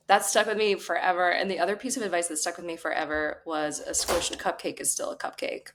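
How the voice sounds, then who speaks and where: A young woman comedian telling a family story on a podcast, animated, with frequent laughs and filler words. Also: lowish voice, normal speed, long pauses, slight background noise. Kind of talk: casual storytelling chat.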